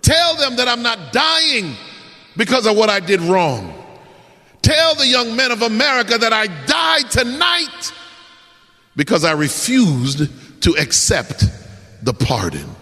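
A man preacher voicing a defiant young male prisoner on death row who shouts people out of his cell. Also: fairly high pitch, big pitch swings, normal speed. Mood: pleading. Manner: shouting angrily, later pleading loudly. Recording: echoey hall.

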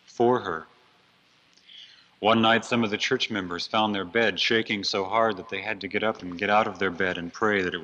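Preacher guy telling a story sermon, low voice, earnest, muffled lo-fi sound. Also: pushed and bright. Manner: earnest, dramatic, swells on key phrases. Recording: dull lo-fi recording.

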